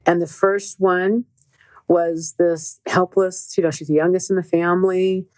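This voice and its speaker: A middle-aged woman with a lowish voice tells a story as a relationship coach. She talks earnestly and leans on repeated words for emphasis. The recording is close and dry. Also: flat delivery, measured pace, darkish tone, no echo. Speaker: podcast host and relationship coach. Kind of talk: casual storytelling monologue.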